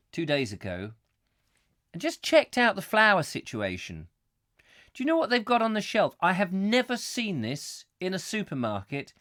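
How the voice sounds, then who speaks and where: Lively, jokey male live-stream host. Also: fairly high pitch, dry recording. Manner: chatty, jokey, animated, laughs often. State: recovering from a cough. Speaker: host of a live call-in show. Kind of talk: rambling comic live-stream chat.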